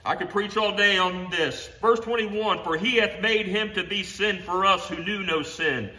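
A man preaching an impassioned sermon in his home garage. He punctuates his points with "Amen" and "honey" and stumbles into quick restarts. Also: high voice, bright, forceful tone. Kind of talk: fervent sermon. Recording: echoey garage room sound.

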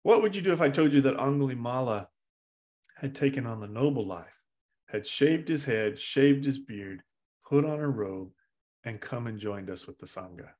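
A man voicing a serene male spiritual master who speaks low, soft, slow and measured. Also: expressive, natural voice. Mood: calm.

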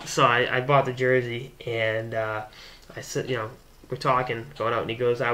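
A young man from the Boston area hosts his own hockey show and tells a long story in a casual, rambling way. His voice is bright and forward, and he often restarts his sentences as he builds the anecdote. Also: mid-range voice, flat delivery, moderate pace. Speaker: hockey blogger and show host.

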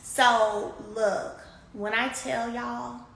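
A woman telling a chatty, animated story to her viewers from a beauty salon, filmed on a handheld phone. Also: fairly high pitch, drawn-out words, creaky, slight background noise. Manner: animated, addresses viewers as y'all, swings loud and soft. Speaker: vlogger. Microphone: phone camera held by speaker. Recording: echoey room with faint ambience.

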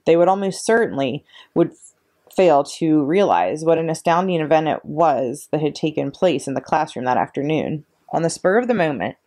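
A woman reading a children's chapter book aloud with expressive, dramatic delivery. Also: low voice. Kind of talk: children's story read-aloud.

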